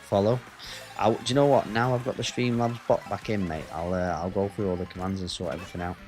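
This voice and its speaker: A man's voice: deep voice, fairly even intonation, fast, darkish tone, faint music behind. A man, chatting casually and swearing as he streams a racing game. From Northwest England. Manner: chatty, banters with chat, swears. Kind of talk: casual gaming stream chat.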